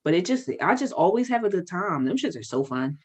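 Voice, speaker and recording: Animated, profane woman chatting. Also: fairly low pitch, brisk, slight background noise. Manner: animated, profane, laughs while ranting. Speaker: podcast co-host. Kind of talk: casual chat.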